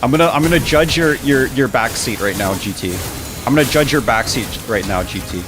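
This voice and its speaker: A man's voice: mid-range voice, brisk, over music. Joking young male game streamer. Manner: joking, reacting to chat, laughing often. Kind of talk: casual live-stream chat.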